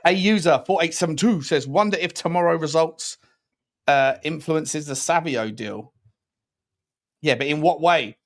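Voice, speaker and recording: A man's voice: a little high, unhurried. Chatty man hosting a live stream. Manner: chatty, jokey, reads out viewer messages. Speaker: podcast host. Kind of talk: casual live-stream football chat.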